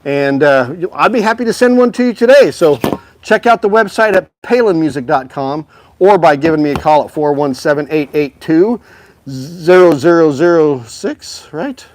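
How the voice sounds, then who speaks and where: A man hosts a live music store stream, talking upbeat and directly to viewers about instruments in a casual sales chat. His voice is fairly high and expressive, at normal speed, with slight background noise.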